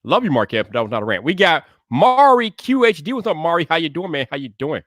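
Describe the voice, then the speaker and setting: A man hosting a live stream, greeting viewers by name in relaxed slangy casual chat. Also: fairly high pitch, fast talker, no room sound, studio quality.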